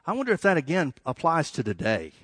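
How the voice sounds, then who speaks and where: Guy preaching a bible sermon, kinda high voice, gets loud then drops way down, dry close mic. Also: huge pitch swings, husky, no room sound. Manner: emphatic, rising and falling, with dramatic pauses.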